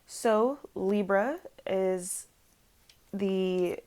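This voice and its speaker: A woman's voice: mid-range voice, extremely slow, mellow. A woman reading tarot in a chatty, rambling way, full of fillers and self-corrections, at home with her dog on her lap. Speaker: tarot reader. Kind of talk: casual chat.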